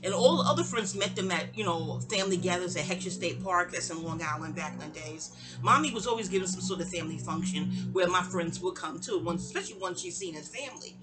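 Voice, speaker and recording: Animated middle-aged New woman storyteller. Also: fast talker, over loud music. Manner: animated, digressive, acts out quoted voices with sharp pitch jumps. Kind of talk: rambling storytime monologue.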